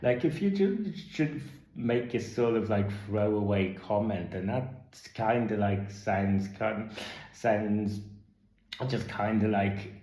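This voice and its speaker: Slow, echoey man rambling through a review. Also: on the low side, dark tone. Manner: rambling, filler-heavy, frequent restarts; exasperated, incredulous sarcasm. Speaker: film reviewer. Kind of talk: casual spoken film review. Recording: echoey room.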